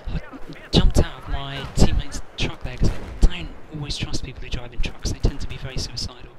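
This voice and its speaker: Sweary gamer over loud gunfire. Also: male voice, medium pitch, brisk, very noisy. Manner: rambling, sweary, self-mocking. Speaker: gameplay commentator. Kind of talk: casual gameplay commentary. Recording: loud game gunfire and explosions behind.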